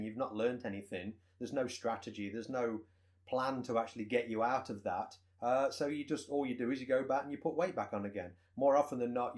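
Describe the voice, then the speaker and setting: A man, a personal trainer co-hosting a podcast, explaining goals with everyday examples in relaxed chat. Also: mid-range voice.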